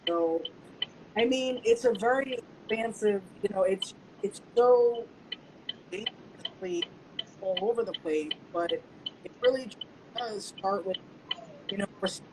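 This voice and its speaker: A woman's voice: medium pitch, a little slow, pauses often, background noise. A woman, host and founder of the show, talks earnestly and at length about respect and awareness. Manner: earnest, rambling advocacy talk. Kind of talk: casual interview chat.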